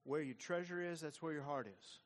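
A man's voice: on the high side, brisk. A man preaching a sermon in a conversational, repetitive way. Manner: conversational preaching with frequent repeated words. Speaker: pastor.

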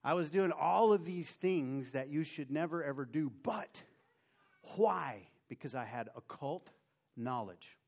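A man preaching and telling a personal story in a lively way, mocking himself as he acts out the scenes. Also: a little high, measured pace, gravelly. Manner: animated, self-mocking storyteller who acts out his own story. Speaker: preacher giving a testimony. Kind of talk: sermon storytelling.

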